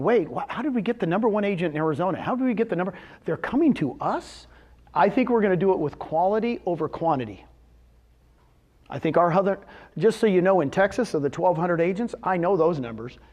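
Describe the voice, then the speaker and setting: A man speaking live to a room of real estate agents, animated and quizzing his audience with questions, often acting out what others told him. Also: high-pitched, muffled recording. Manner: retells conversations in quoted voices. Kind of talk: live seminar talk.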